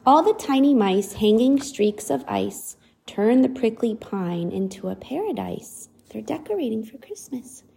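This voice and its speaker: Animated woman reading a picture book. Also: fairly high pitch, unhurried, vocal fry. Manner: animated, asks the child questions. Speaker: reader to a child.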